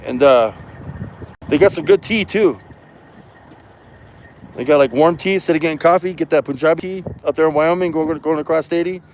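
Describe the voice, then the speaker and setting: A man's voice: fairly high pitch, normal speed, long pauses, a little mellow, slight background noise, poor audio. A man chatting on a livestream as a truck driver, rambling and slangy, dropping in Spanish words. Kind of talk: casual livestream chat.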